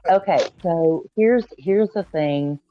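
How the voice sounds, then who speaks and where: A man from Georgia explaining things in a calm, measured way during a casual call-in chat. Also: high voice, phone-quality sound, slight background noise.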